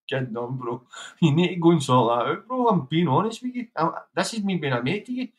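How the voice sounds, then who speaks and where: A man's voice: on the high side, expressive, normal speed, low-quality recording. A man hosting a livestream, chatting casually, swearing and laughing as he hands out blunt advice. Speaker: livestream host.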